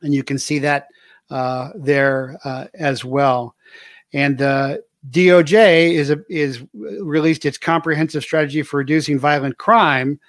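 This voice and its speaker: A man's voice: fairly high pitch, steady tone, a little slow, no echo, studio quality. A man hosting his own show, talking in a casual, rambling monologue with many filler words and an earnest tone. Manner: earnest and patriotic. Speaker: show host.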